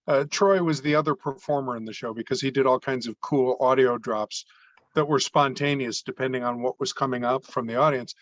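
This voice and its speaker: Measured man on dull, dry call audio. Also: mid-range voice, steady tone, dry recording. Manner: measured, thoughtful, with fillers. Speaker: comedy performer and speaker. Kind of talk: casual group call chat.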